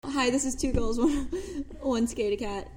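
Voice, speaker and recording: Bubbly young woman, slightly high voice. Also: dark tone. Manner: bubbly, playful, quick asides. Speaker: podcast co-host. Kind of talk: casual podcast chat.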